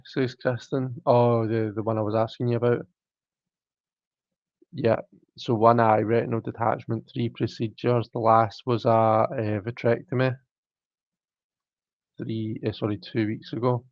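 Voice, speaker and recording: A man's voice: mid-range voice, gravelly, no room sound, lo-fi sound. A man with a British accent hosting a live stream, casually reading viewer comments aloud and chatting back in a self-mocking way. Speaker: livestream host.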